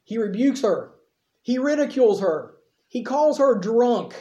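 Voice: medium pitch, lively intonation, measured pace, mellow. A preacher giving a sermon who retells the story in plain, conversational language with casual asides. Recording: echoey, slightly dull sermon recording.

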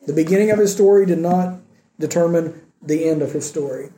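A man preaching a sermon with earnest emphasis, swinging between raised emphatic points and quiet, soft asides. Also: a little high, a little fast, roomy sound. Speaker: pastor.

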